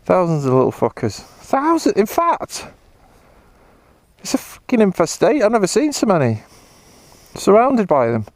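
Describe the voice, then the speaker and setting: A man's voice: high voice, sing-song, brisk, a little mellow, dry recording. An English man vlogging casually while riding a motorbike on country trails, rambling with dry self-mocking humour and casual swearing, a bit tired. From England.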